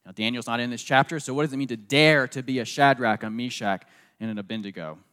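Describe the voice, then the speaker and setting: A man's voice: medium pitch, fast talker, fairly bright tone, clean tone, in a large hall. A man preaching a sermon with a faint Southern accent, earnest and repeating phrases for emphasis, tagging points with "okay?". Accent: slight Southern. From southeastern United States. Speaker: pastor.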